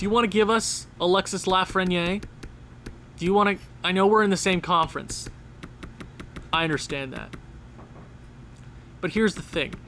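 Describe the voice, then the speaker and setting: A man giving casual, excitable gameplay commentary, talking straight to the game as he plays. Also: high voice, a little hiss or hum. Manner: excitable, talks to the game and players. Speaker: gaming channel host.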